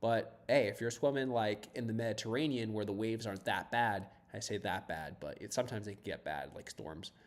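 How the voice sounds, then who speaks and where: A man's voice: on the low side, fairly quick, hardly any pauses. A man from south of Boston talking casually on a live stream while he debugs code, rambling, laughing often and swearing casually. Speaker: startup founder coding on a livestream.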